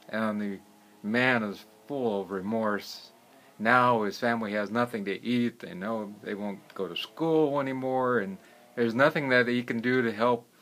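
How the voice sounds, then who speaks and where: Man telling stories in a low voice. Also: fairly bright tone. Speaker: herbalist. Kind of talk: casual storytelling.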